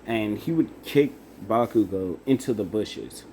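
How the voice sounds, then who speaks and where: A young man improvising a fan-fiction story out loud, halting with fillers and self-corrections. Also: on the low side, lively intonation, a little hiss or hum.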